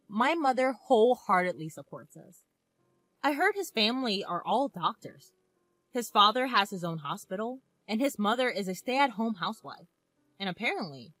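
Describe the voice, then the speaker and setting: A woman in her twenties narrating a first-person story in a calm, reflective manner. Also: fairly high pitch, no echo. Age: 20s.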